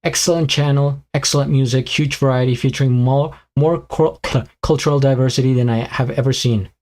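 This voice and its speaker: A man's voice: mid-range voice, fairly even intonation, a little fast, a little mellow. A man hosting a live reaction stream, chatting casually with viewers and thinking aloud with plenty of fillers, his voice tiring as he goes. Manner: rambling, thinks aloud with many fillers and restarts. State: voice tiring and weakening.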